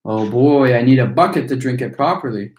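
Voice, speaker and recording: A man's voice: medium pitch, lively intonation, brisk, lightly acted. A man voicing a greedy boy, read aloud in an echoey room. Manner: greedy, then yelling.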